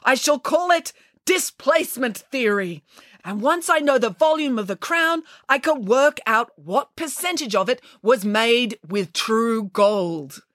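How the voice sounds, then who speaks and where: A woman voicing an excitable, scatterbrained female ancient scientist in a storybook reading, squealing high and breathless with excitement. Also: unhurried, no echo, studio quality. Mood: excited.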